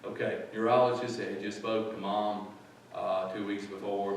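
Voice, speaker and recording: Pastor preaching in an echoey church. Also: male voice, lowish voice, flat delivery, normal speed, far from the mic, slight background noise. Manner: plain-spoken, folksy storytelling. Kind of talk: sermon. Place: church sanctuary.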